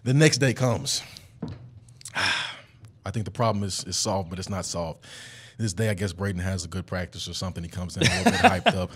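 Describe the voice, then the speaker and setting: Lively low-voiced young man telling a story. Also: normal speed, breathy edge. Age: young adult. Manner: animated storyteller, jumps high when acting out quotes. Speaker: podcast host. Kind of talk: casual storytelling chat. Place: studio.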